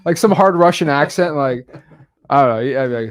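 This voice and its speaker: A young man in his twenties hosting an interview, jokey and excitable, cutting in often. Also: fairly high pitch, moderate pace. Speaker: host. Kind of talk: casual interview chat.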